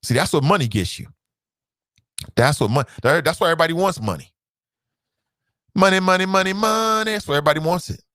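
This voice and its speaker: A man's voice: a little high, expressive, fast talker, fairly bright tone, dry recording, studio quality. A man hosting a live talk show, reading viewer comments aloud and bantering casually with his audience. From Cincinnati, United States.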